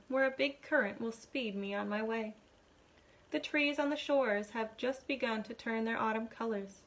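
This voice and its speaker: A woman teacher reading a novel aloud to her class, expressive, giving the characters their own voices. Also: on the high side, vocal fry. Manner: expressive storytelling, voicing the dialogue.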